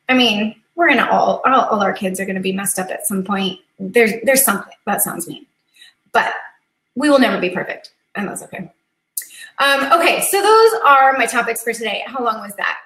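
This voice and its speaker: In an echoey room, a thirtysomething woman with a fairly high, fairly bright voice hosts a casual live coffee-chat stream. Earnest and talkative, she's quick to laugh and sometimes tears up.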